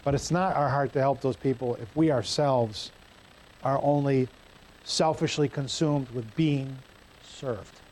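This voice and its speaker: A man's voice: medium pitch, measured pace, a little mellow, low-quality recording. A male pastor preaching a sermon in a church, conversational and joking with the congregation.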